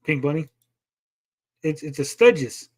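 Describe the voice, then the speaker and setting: A man's voice: fairly high pitch, lively intonation, measured pace, husky. A male podcast host in casual livestream chat, profane and mocking as he rants.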